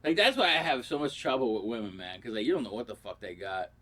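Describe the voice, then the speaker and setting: A man's voice: medium pitch, expressive, fast talker, sharp tone. A man rambling through crude, profane comic stories in a casual vlog. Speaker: comedy vlogger.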